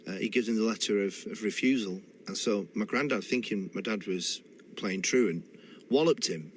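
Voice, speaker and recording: A man's voice: on the low side, normal speed, a little hiss or hum. A man with a Manchester accent, a radio interview guest telling family stories thoughtfully, with hesitant restarts. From Manchester, England. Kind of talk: reflective storytelling in a radio interview.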